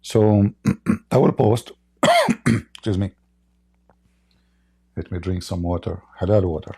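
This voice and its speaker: A hoarse middle-aged man hosting a casual livestream chat. He mocks, chuckles often, and keeps coughing and clearing his throat as his voice gives out. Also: fairly low pitch, expressive, slow, a little mellow. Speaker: livestream debate host.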